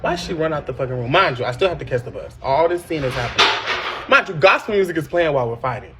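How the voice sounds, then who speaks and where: A man telling a personal story in casual chat, animated and profane, with sudden high shrieking impressions. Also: quick pace, loud music behind the voice. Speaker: podcast host.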